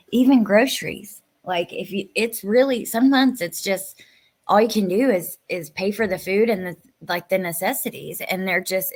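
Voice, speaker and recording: A livestream host from West Virginia chats casually and emotionally while answering viewer comments, sometimes dropping to a soft near-whisper. Her voice is medium-pitched and husky.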